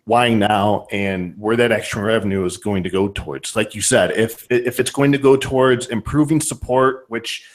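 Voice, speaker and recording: A man with a Northern Ohio accent hosts a podcast, chatting casually and loosely. His voice sits fairly low, and he often restarts phrases and repeats words as he thinks aloud. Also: fairly even intonation, normal speed, hardly any pauses. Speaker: podcast host.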